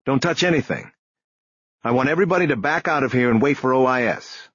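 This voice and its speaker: A man's voice: mid-range voice, big pitch swings, moderate pace, husky, dry recording, dull audio. A man voicing a brusque male police detective who barks orders, in an audiobook. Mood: commanding.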